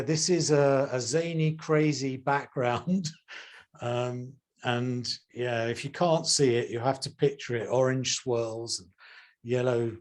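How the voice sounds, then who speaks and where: A middle-aged man, speaking at an ordinary mid pitch. He talks as a guest in a relaxed interview over a video call, with theatrical stresses on key words. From England. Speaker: guest, charisma coach. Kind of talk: casual interview chat. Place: home room, video call.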